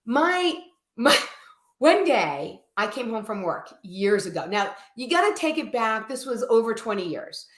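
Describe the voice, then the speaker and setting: A middle-aged woman, a live-show guest, telling a story in a casual, animated way and acting out quoted voices. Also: a little high, a little slow. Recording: echoey room.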